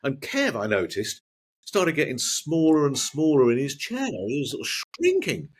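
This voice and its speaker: A middle-aged man, a guest in a conversation, telling animated anecdotes with mild swearing and frequent restarts. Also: mid-range voice, moderate pace, slightly rough. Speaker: guest, former sports broadcaster.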